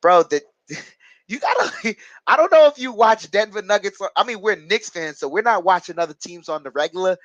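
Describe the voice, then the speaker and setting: With a high-pitched, lively, somewhat bright voice at normal speed, this male stream host casually reads viewer chat during a live basketball watch-along and answers it, chatty and hesitant with many fillers. The sound is lo-fi, without echo.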